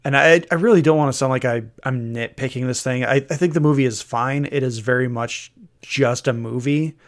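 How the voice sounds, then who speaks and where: A man's voice: medium pitch, a little fast. A man co-hosting a casual film review chat, critical and picking apart the dialogue. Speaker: podcast co-host.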